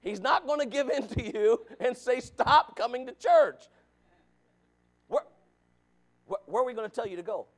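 A man preaching a sermon, asking the congregation questions and calling for amens, dropping to low asides and rising to shouted points. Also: lively intonation, fairly quick. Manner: preaching with rhetorical questions and calls of amen.

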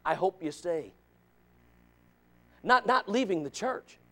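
A male pastor preaching a sermon, swinging between shouting and hushed softness, with stammering restarts. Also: high voice, animated, takes it slowly.

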